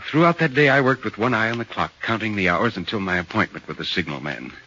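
A calm gentleman narrator. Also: fairly low pitch, quick pace. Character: curious gentleman visitor narrating his tale. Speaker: narrator and visitor in a radio play. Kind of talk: vintage radio drama narration. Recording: muffled old radio recording with faint hiss.

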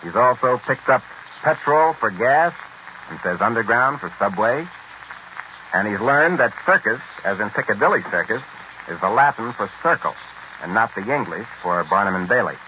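A man narrating in a brisk, explanatory way, in a 1940s radio documentary. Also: lowish voice, animated, bright, forceful tone, a little hiss or hum. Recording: dull lo-fi 1940s radio recording.

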